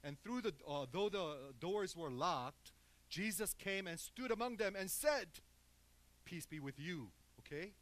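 A man preaching a sermon who swings between quiet, hushed murmurs and loud, emphatic outbursts, often checking in with his congregation. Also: high-pitched, animated, unhurried, low-quality recording. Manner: keeps checking in with the congregation with "okay?" and "people". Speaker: pastor.

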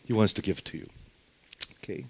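A man preaching a sermon, asking the congregation questions and punctuating points with "okay?", sometimes dropping to a near whisper for emphasis. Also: brisk. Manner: emphatic, asks the audience questions, frequent "okay?"; sudden drops to very soft, near-whispered emphasis.

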